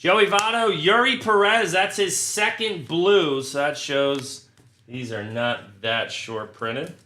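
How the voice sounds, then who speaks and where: A man's voice: on the high side, slow pace, sharp tone, echoey room. A man hosting a live card break in casual chat, crude and joking as he rattles off player names.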